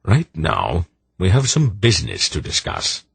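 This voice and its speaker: A man's voice: deep voice, wildly swooping pitch, a little slow, creaky, breathy edge, no room sound, exaggerated voice. A man voicing a shabby, defiant old man who speaks curtly and dryly. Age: older.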